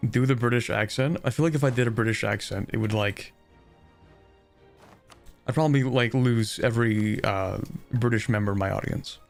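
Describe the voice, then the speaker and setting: Gravelly-voiced man chatting while gaming. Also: mid-range voice, moderate pace, faint music behind. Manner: rambling, thinking aloud with many fillers and chuckles. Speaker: streamer. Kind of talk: casual live-stream chat while gaming.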